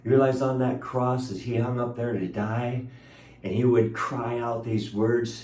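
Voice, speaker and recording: A man's voice: mid-range voice, fairly even intonation, unhurried, darkish tone, far from the mic. Emphatic man preaching in an echoey room. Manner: emotional, emphatic preaching with stretched-out words and chuckles. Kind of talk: sermon.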